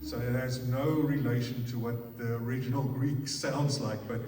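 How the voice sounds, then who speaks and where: A pastor with an Afrikaans accent preaching a sermon, putting weight on words and repeating them in threes, often putting questions to the congregation. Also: male voice, medium pitch, fairly even intonation, moderate pace, darkish tone, slight background noise. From South Africa. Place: church hall. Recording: echoey hall, picked up from far off.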